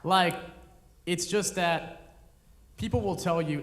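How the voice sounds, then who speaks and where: Young comedian, live one-man show, slightly high voice, confessional and rambling, long hall reverb. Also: expressive, normal speed. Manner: confessional, rambling, self-deprecating. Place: performance venue in front of an audience.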